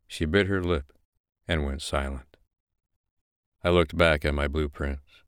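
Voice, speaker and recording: A man hosting and narrating, reading a fiction excerpt aloud in a slow, measured first-person delivery. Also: extremely low pitch, steady tone, smooth, no room sound, studio quality. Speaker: narrator and host.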